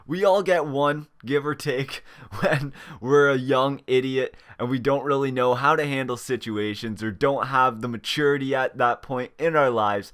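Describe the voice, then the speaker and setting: A man's voice: medium pitch, fairly bright tone. Laid-back young man telling a story. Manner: laid-back, swears freely, chuckles through the story. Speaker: channel host. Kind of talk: casual storytime.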